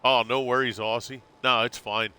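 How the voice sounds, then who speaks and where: A man's voice: mid-range voice, level tone, moderate pace, sharp tone, clear, resonant tone. A man streaming live, chatting casually and rambling, calling his viewers bro. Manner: laid-back, rambling, calls viewers bro.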